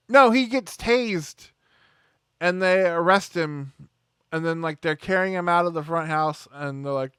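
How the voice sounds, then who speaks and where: A man with a high, smooth, resonant voice rambles through a film review in casual chat. He is sarcastic and keeps slipping into voices to act out scenes. The sound is close and dry. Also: unhurried, pushed and bright, no room sound. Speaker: movie review show host.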